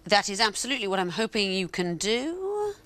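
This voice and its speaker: A woman's voice: medium pitch, very animated, brisk, fairly bright tone. A woman hosting a television quiz, explaining answers in a dry, explanatory way. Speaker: quiz show host.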